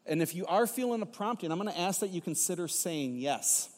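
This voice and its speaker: A middle-aged pastor delivers his sermon with animated, playful storytelling and teasing asides to the congregation. His voice sits a little high for a man. The sound rings with the long reverb of a church sanctuary. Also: a little fast.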